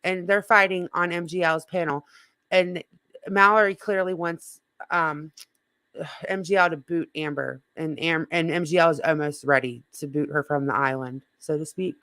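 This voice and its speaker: A woman with a lowish voice co-hosts a casual stream, chatting freely and swearing without a second thought. The sound is dry and close. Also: fairly even intonation, moderate pace, pushed and bright, dry recording. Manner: chatty, reads and answers viewer comments, swears casually. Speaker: co-host. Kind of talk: casual live-stream chat.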